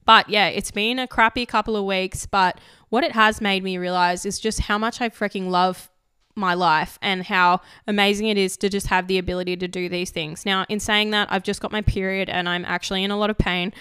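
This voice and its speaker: A young woman hosts her podcast in a loose, candid ramble, swearing freely. Her voice is very clear but slightly croaky from recent illness. The recording is dry and close, with no room sound. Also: mid-range voice, steady tone, brisk, pushed and bright, dry recording. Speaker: podcast host. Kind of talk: casual chat.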